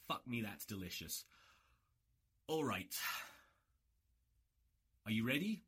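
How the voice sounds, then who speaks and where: A worn-out man hosts a solo podcast, cursing freely and mocking himself with dry sarcasm. His pitch leaps up and down as he rants, and his voice carries a husky edge. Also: a little slow, pauses often. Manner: sweary, sarcastic, animated ranting. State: exhausted. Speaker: podcast host. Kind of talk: solo rugby podcast rant.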